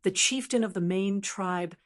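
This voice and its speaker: A woman's voice: mid-range voice, measured pace, lightly acted. Sullen, muffled tribal leader, male, voiced by a woman narrator, audiobook. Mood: frustrated, defensive.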